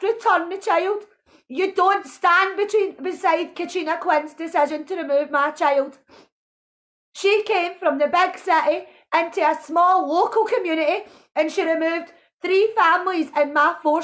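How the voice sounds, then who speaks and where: A woman's voice: extremely high pitch, fairly bright tone. A mother ranting with passion, angry and accusing, and at times pleading and emotional. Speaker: protesting mother. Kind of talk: impassioned video rant.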